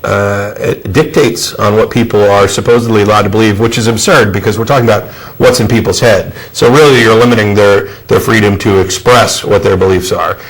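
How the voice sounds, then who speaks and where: Low-voiced man hosting a talk show. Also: fairly even intonation, poor audio. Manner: measured, thoughtful, frequent fillers. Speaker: show host. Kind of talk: studio discussion.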